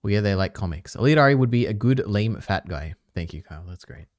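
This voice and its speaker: A man's voice: lowish voice, expressive, quick pace, no echo, clean studio sound. A man streaming casually, reading on-screen text aloud, trailing off and muttering to himself. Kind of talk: casual live-stream commentary.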